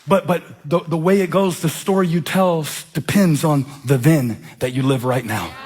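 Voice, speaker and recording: Male pastor, 40s, slightly high voice, animated self-mocking sermon storyteller. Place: church.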